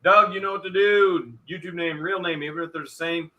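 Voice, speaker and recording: A man's voice: fairly high pitch, fairly even intonation, a little fast, pushed and bright, highs cut off. A man hosting a live stream auction, talking straight to chat viewers with lots of energy and some repeating of himself. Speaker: host of an online storage auction stream.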